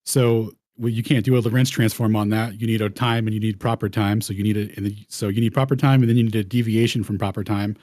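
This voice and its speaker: A man hosts a round table, talking loosely over his slides and often restarting phrases. His voice is mellow and relaxed, and the recording is dry and close. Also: on the low side, fast, hardly any pauses, no room sound. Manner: rambling, slangy, restarts mid-phrase. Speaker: host. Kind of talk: casual presenting over slides.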